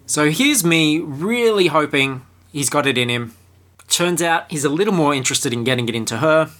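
A man's voice: a little high, animated, moderate pace, fairly bright tone. A man giving a comedic film review monologue, irreverent, crude and sarcastic.

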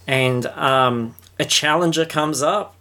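A man's voice: fairly high pitch, takes it slowly, sharp tone. Laid-back man rambling. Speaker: podcast co-host. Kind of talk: casual chat.

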